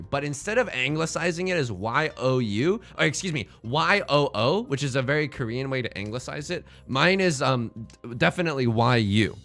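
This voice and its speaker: A young man with a fairly high, bright voice chats over his game stream, bouncing his pitch all over as he jokes and rambles. Faint music plays behind him. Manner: joking, rambling, playful. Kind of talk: casual live-stream game commentary.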